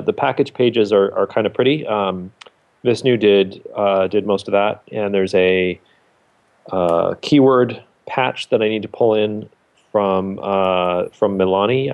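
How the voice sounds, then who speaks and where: A man's voice: on the low side, gravelly, darkish tone. A man chatting casually on a podcast panel, hesitant with many fillers and restarts. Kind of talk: casual chat.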